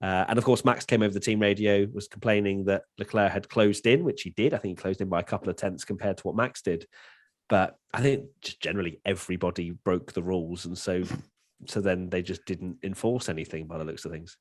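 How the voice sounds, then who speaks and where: Low-voiced man, dry close sound. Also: steady tone, a little fast, dry recording. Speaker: podcast co-host. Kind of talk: casual chat.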